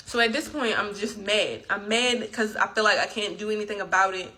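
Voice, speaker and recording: A woman in her twenties telling a personal story in an indignant, animated way. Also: mid-range voice, normal speed, hardly any pauses, rough recording. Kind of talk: storytime vlog. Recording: loud traffic noise outdoors.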